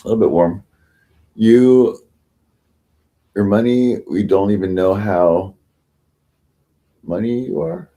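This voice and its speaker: A tired man rambling through a casual livestream chat, halting and restarting often, swearing freely. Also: lowish voice, warm tone. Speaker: livestream host.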